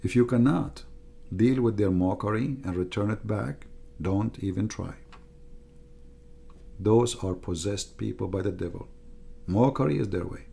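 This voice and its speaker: A man's voice: on the low side, measured pace, gravelly, long pauses, warm tone, husky. A middle-aged man giving an emphatic, repetitive livestream monologue as a religious debater, in non-native grammar.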